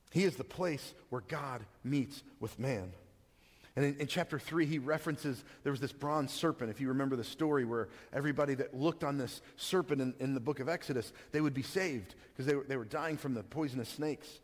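A man's voice: mid-range voice, brisk, long reverb tail. A man giving a sermon as a pastor, talking in a conversational way with frequent stammered restarts.

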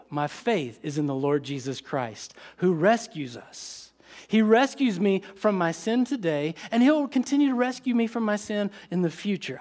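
A man with a high voice preaches to his congregation. He drifts between casual, joking asides and bursts of fervent, excited emphasis. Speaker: pastor. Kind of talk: sermon.

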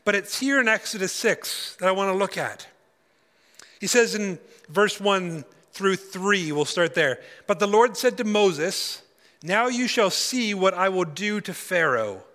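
A man giving a sermon as a guest speaker at a conference, reading scripture aloud with emphatic pauses. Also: high voice, animated, pushed and bright, long reverb tail. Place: conference hall.

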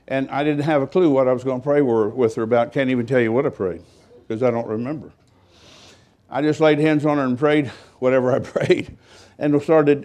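A man's voice: medium pitch, darkish tone. An older man, a pastor, telling a story in a rambling, folksy sermon with self-deprecating humor.

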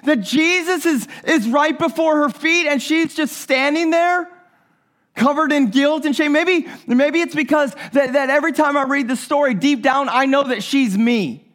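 A man preaching a sermon as pastor, earnest and searching, often repeating words as he reaches for what to say. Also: normal speed. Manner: earnest, repeats words, drops to a soft low voice for tender moments.

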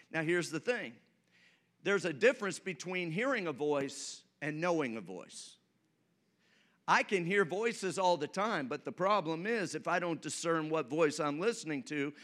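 A man's voice: sits high, pushed and bright. A man preaching a sermon as pastor, leading the congregation in call-and-response and telling light stories.

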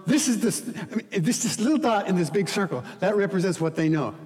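A man preaching as pastor, earnest, dropping quiet for scripture reading and rising to emphatic pleading. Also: sits high, animated, fairly quick, big-room sound. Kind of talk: sermon.

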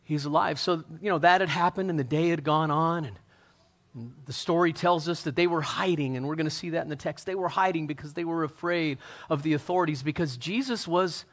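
Male pastor, fairly high voice, lively conversational sermon delivery. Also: a little fast. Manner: animated storytelling, acting out scenes, conversational.

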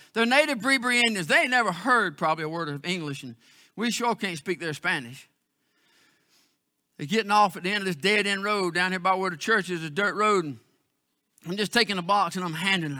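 A man preaching a sermon as pastor, telling a story with emphatic, then hushed, emotional delivery. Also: high-pitched, dry recording, studio quality.

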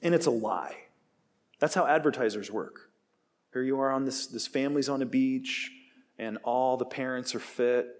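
A man in his forties preaching a sermon, telling stories with humor and acting out the voices of tempters and skeptics. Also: medium pitch. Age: 40s. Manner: animated storytelling, acts out quoted voices, self-deprecating jokes.

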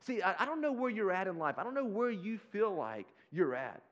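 A man preaching a sermon as pastor, animated and conversational, talking straight to his listeners in casual slang. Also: high-pitched, a little fast, muffled recording. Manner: slips into casual slang like "y'all".

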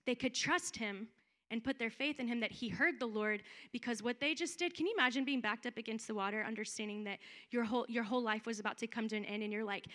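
A young woman preaching a sermon in a lively, conversational way, acting out quotes as she goes. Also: high voice.

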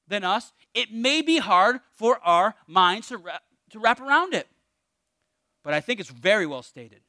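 A man preaching a sermon in a conversational, energetic way, often dropping to a hushed emphasis. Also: sits high, dry recording, clean studio sound. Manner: energetic, conversational with emphatic drops to near-whisper. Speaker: pastor.

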